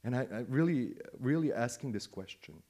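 A male pastor preaching a sermon, repeating phrases and asking rhetorical questions, rising to loud emphatic peaks and dropping to hushed quiet lines. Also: medium pitch, big pitch swings, normal speed. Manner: swings from loud emphatic rises to soft hushed drops.

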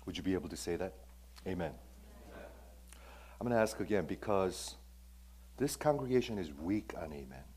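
Emphatic low-voiced male pastor preaching. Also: lively intonation, normal speed, long pauses, darkish tone, slightly rough. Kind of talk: sermon.

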